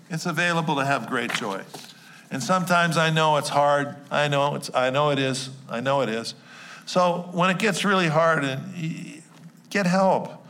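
Bright-voiced joking preacher from New Jersey. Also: male voice, a little high, slight background noise. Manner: conversational and jokey, quick asides to the congregation. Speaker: pastor. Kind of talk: sermon.

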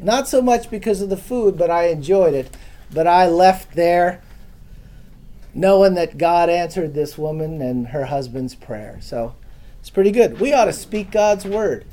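A man's voice: high-pitched, mellow. Chatty man preaching to a gathering. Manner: casual, chatty, asks the audience questions. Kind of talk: informal Bible teaching. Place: room with a small live audience.

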